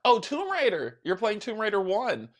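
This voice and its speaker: A man's voice: high-pitched, huge pitch swings, moderate pace. Chatty man greeting stream viewers. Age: older. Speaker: streamer host. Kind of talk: casual chat with live viewers.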